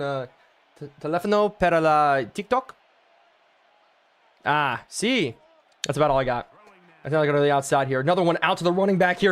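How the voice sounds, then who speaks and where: Brief: young male streamer, slightly high voice, excitable play-by-play, worn-out voice, chats with viewers. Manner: excitable, talks to chat, play-by-play calls. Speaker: gaming streamer. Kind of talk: live-streamed video game play-by-play.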